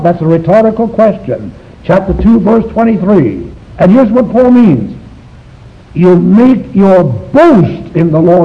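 Male Bible teacher, emphatic, slow, lively pitch, high voice, dull lo-fi recording. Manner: emphatic, asks the class rhetorical questions. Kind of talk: Bible study lecture to a live class.

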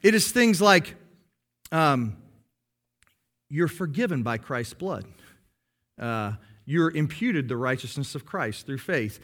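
Man, pastor, sermon, high voice, very animated pitch, emphatic. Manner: emphatic, slows down to stress key phrases; explains patiently to a congregation.

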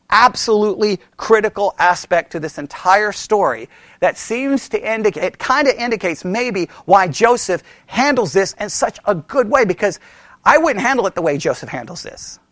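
High-voiced male pastor preaching. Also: a bit bright, dry recording. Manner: conversational, quizzes the audience with questions; frequent self-corrections and restarts. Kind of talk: sermon.

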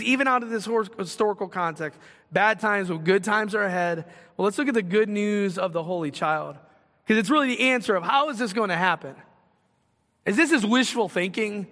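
A man's voice: high-pitched, sharp tone, big-room sound. A man preaching a sermon as pastor, in a conversational style that builds to emphatic, rising points.

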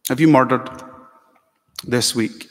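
A man's voice: medium pitch, takes it slowly. Preaching man in a reverberant church. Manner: earnest preaching with rhetorical questions. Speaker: pastor. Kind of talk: sermon.

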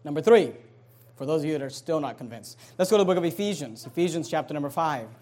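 A man preaching a fiery sermon, reading scripture slowly and swinging between loud bursts and low asides. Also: expressive. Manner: reads scripture slowly with emphasis. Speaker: pastor.

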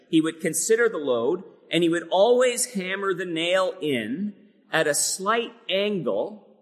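A man preaching a sermon, earnest and building to emphatic peaks on key phrases. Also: on the high side. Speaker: pastor. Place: church sanctuary. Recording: long hall reverb.

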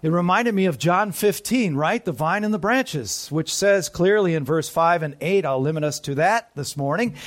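A man preaching a sermon, often putting questions to the congregation and dropping to quieter asides. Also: high voice, lively intonation, unhurried. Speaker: pastor.

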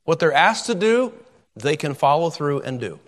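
A man's voice: a little high, big pitch swings, normal speed, long reverb tail. A man preaching a sermon, emphatic and repeating words as he drives his points home.

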